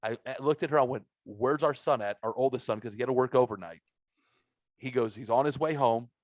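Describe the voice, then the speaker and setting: Brief: middle-aged male podcast host, swears freely, animated storyteller, dry dull lo-fi sound. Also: medium pitch, brisk, no echo. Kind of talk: casual storytelling chat. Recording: dull lo-fi audio.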